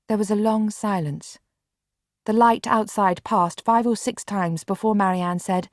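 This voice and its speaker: A woman reading a children's audiobook in calm, measured scripted narration on a close studio mic. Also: medium pitch, no echo.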